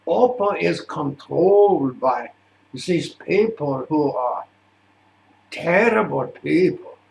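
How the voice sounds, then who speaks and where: A man's voice: a little high, echoey room, pitched above the performer's own voice, poor audio. A man voicing a grave, disdainful older man with a German accent.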